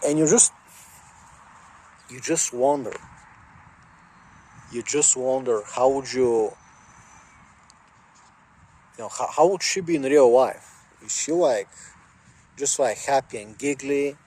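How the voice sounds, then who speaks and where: A man's voice: medium pitch, takes it slowly, long pauses, warm tone. Rambling man vlogging beside a car. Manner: rambling, heavy on fillers, swears casually. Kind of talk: casual rambling chat. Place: outdoors by a car, jump-starting it. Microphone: phone.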